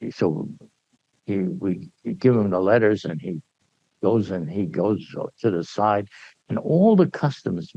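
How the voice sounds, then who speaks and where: Older male storyteller, gravelly and lively, acts out the dialogue, heard on a dull, dry lo-fi recording. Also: on the low side, no room sound. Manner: animated, acts out dialogue, laughs often. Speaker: speaker sharing memories at a gathering. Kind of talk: anecdotal storytelling to an audience.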